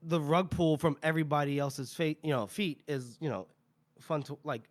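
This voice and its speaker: A man co-hosts a book podcast and recaps chapters in a loose, rambling way, leaning on "you know" and "like". His voice sits a bit high and sounds close and dry on the mic. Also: moderate pace, no room sound. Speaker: podcast co-host.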